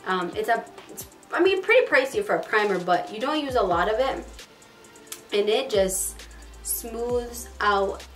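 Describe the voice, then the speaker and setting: Fast-talking woman vlogger, distant mic. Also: fairly high pitch, lively intonation, a bit bright. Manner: fast-talking, chatty, lots of "like". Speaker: beauty vlogger. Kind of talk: casual makeup tutorial chat. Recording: distant mic, faint background music.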